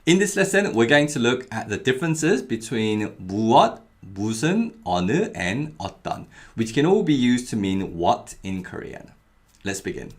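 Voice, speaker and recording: A young adult man giving a clearly paced, scripted language lesson, repeating each example phrase carefully. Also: medium pitch, sing-song, brisk. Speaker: Korean language teacher.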